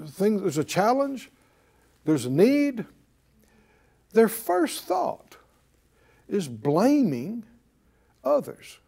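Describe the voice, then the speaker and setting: A man's voice: high voice, vocal fry, dark tone. A man preaching a sermon, emphatic and repetitive, leading his congregation in spoken affirmations. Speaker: preacher and Bible teacher. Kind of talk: sermon with call-and-response.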